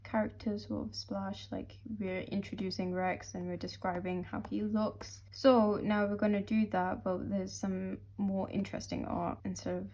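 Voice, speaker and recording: A woman's voice: mid-range voice, level tone, moderate pace, few pauses, warm tone, slight background noise. A young woman, a webcomic artist, chatting casually and rambling in a studio vlog, a bit tired and out of breath. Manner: chatty, rambling, playful slang.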